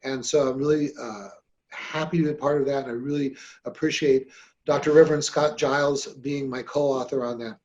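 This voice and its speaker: A man's voice: medium pitch, fairly even intonation, normal speed, a little mellow, lo-fi sound. A man hosting a podcast about hypnosis, talking in a friendly, rambling way with many fillers. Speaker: podcast host and hypnosis trainer. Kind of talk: casual podcast chat.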